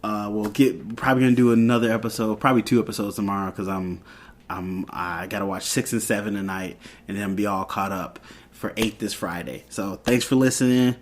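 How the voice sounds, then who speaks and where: A man's voice: on the low side, fairly even intonation, a little fast. A man hosting a podcast, casually retelling a TV episode and acting out the characters' lines as he goes. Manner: rambling retelling with quoted lines. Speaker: podcast host.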